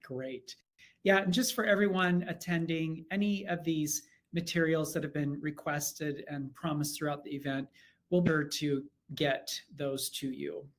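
A man's voice: on the high side, steady tone, measured pace. A man hosting a webinar over a video call, giving polite, upbeat closing remarks. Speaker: webinar host. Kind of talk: wrapping up a webinar.

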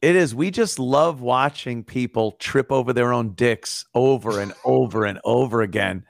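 A man's voice: mid-range voice, normal speed, creaky, no echo, clean studio sound. A middle-aged man, a former radio host, chatting as a guest on a podcast, wry and profane, often laughing. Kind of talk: casual podcast chat.

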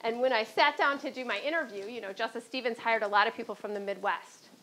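A woman's voice: on the high side, fast, fairly bright tone, a little hiss or hum, poor audio. A woman from Chicago with a Chicago accent, speaking on a panel as a former court clerk and telling stories, often checking in with "right?". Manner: anecdotal, often adds "right?".

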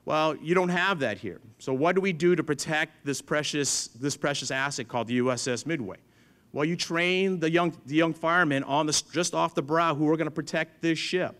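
Speaking a little fast in a slightly high, fairly bright voice, a middle-aged man who serves as a museum's chief engineer entertains an audience with stories, voicing the other characters in the exchanges.

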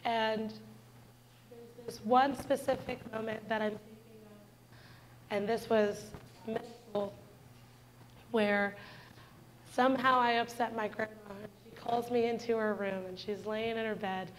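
A woman's voice: a little high, fairly even intonation, measured pace, pauses often, slight background noise, poor audio. Earnest young woman sharing a church testimony. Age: 20s. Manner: earnest, heartfelt storytelling that addresses the congregation directly. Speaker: church speaker giving a testimony. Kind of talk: personal testimony in a church service.

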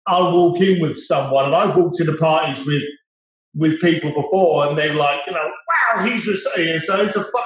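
Male guest, blunt and profane, slightly high voice, very echoey room. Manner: blunt, swearing storyteller. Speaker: interview guest. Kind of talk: casual conversation.

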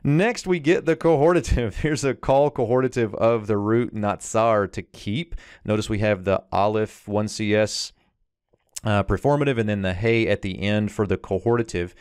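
A man explaining Hebrew grammar verse by verse in a short lesson, pausing with fillers and slowing down to read out translations. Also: lowish voice, a little mellow, clean tone, no room sound, studio quality. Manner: explanatory, with frequent "uh" fillers and slowed readings of Hebrew. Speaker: Hebrew teacher.

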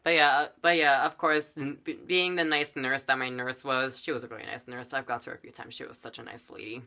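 A man's voice: medium pitch, steady tone, fairly quick, creaky, pushed and bright. A man telling a personal story in a casual vlog, rambling with lots of fillers and dramatic emphasis. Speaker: vlogger.

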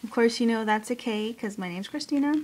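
A woman vlogger chatting casually as she unboxes a craft swap, gushing with excitement and breaking into gasps and squeals. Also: fairly high pitch, fairly quick, a little hiss or hum, rough recording.

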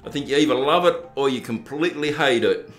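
A brisk, medium-pitched man with an Australian accent, hailing from southern Tasmania, jokes around while reviewing drinks for his home video channel. He keeps it chatty, teases himself, and puts on mock poshness as a joke. Faint music plays behind a roomy, echoing sound.

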